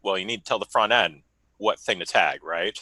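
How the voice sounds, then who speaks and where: A man, a software developer, explaining a technical problem in a meeting, hesitant and full of fillers. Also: sits low, moderate pace, no echo, poor audio. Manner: hesitant, many fillers and restarts.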